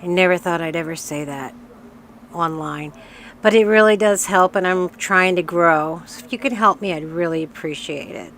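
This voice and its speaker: A woman's voice: fairly low pitch, normal speed, fairly bright tone. A woman hosting her reaction channel, chatty and friendly, sounding sick with a strained voice. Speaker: channel host. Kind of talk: casual reaction-video intro.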